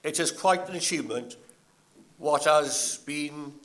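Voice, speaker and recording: An older man giving a graduation address in a slow, measured and anecdotal manner. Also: a little high, fairly bright tone. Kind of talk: ceremonial speech.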